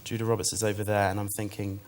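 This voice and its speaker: A man's voice: lowish voice, quick pace. A young man, a chat show guest telling a self-deprecating anecdote. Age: young adult. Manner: self-deprecating, animated storytelling with acted quotes. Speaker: celebrity guest. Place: television studio with audience.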